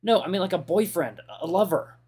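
A man's voice: sits high, lively intonation, brisk, a little mellow, breathy edge, pitched above the performer's own voice. A man voicing an obsessive young male furry character in a visual novel reading, talking in a pleading, insistent way.

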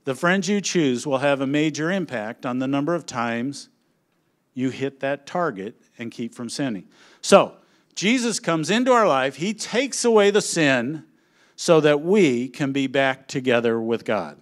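A middle-aged man speaking on a conference stage, telling family stories as an animated storyteller who acts out his family's lines. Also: mid-range voice, a little slow. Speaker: conference speaker on children's ministry. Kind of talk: humorous presentation to an audience.

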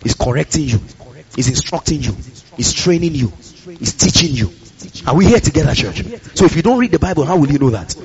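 A man's voice: a little high, animated, fairly quick, lo-fi sound, crowd noise. A male pastor preaching a sermon with emphasis, repeating his phrases and calling out to the congregation. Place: church service.

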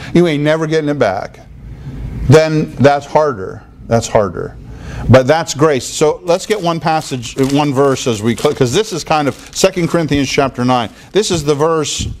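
Pastor guy preaching, loose and chatty, breaks into silly high voices, bit of room hum. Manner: conversational, animated, laughs and mimics others in high voices. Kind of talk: sermon.

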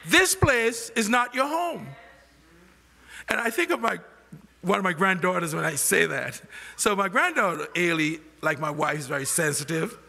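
An older male pastor preaching in a high, gravelly, bright voice. He keeps stopping to ask the congregation "what?" so they can complete his lines. His voice carries a long reverb through a large church hall. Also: normal speed. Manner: asks the congregation questions and has them finish his sentences. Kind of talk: sermon.

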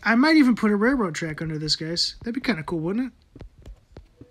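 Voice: mid-range voice, very animated, fast talker. Swearing, self-muttering gameplay commentator. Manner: mutters to self while building, swears often.

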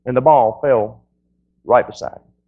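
A man's voice: medium pitch, measured pace, lo-fi sound. A male pastor preaching a sermon in a folksy storytelling way, often restarting his sentences.

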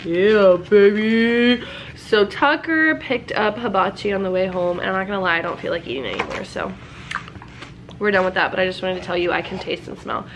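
A woman's voice: lowish voice, animated, quick pace, background noise. A young woman with a stuffed-up voice, chatting casually to her camera at home in a bubbly, talkative way. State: stuffed up, congested. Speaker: vlogger. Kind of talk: casual vlog chat.

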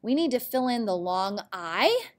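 A young woman teacher giving a recorded spelling lesson, spelling out letters clearly and encouraging her students. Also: fairly high pitch, big pitch swings, measured pace.

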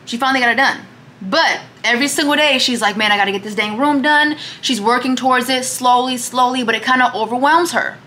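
A young woman with a drawl talking to her vlog from a home kitchen. Her voice is bright and fairly high, lively and teasing, and she keeps calling people baby. A faint hiss sits under the recording. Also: a little fast. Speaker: vlogger. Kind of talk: casual vlog chat.

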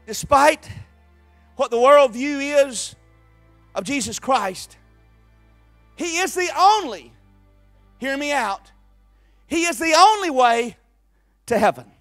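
A male pastor with an unusually high voice delivers a fervent sermon in a church sanctuary. He takes his time, drawing words out, then bursts into shouted exclamations. Soft music plays faintly behind him. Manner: fervent preaching, swinging from quiet asides to shouted exclamations. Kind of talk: Easter sermon.

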